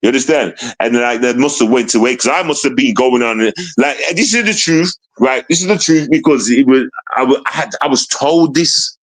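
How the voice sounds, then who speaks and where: A man's voice: mid-range voice, fairly quick, few pauses. A man telling a personal story in casual street slang, emphatic and repetitive, often checking that the listener understands. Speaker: guest telling his story.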